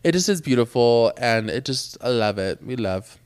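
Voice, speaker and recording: A man's voice: medium pitch, lively intonation, moderate pace, a little mellow, clear, resonant tone, no room sound, clean studio sound. A young man co-hosting a podcast, chatting casually and gushing in agreement. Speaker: podcast co-host. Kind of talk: casual chat.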